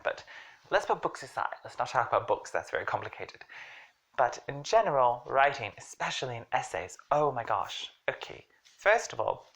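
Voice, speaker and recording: A woman with a strikingly deep, low voice giving a casual English lesson. She chats along with jokes and asides, stressing key words to make her points. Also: fairly bright tone. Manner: chatty, jokey, emphatic explaining. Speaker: English teacher. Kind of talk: casual online language lesson.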